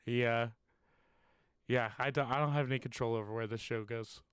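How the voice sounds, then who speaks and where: Smooth-voiced, teasing podcast host man. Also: medium pitch, fairly even intonation, brisk, dry recording, studio quality. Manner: teasing, laughs often, rambling. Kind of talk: casual comedic chat.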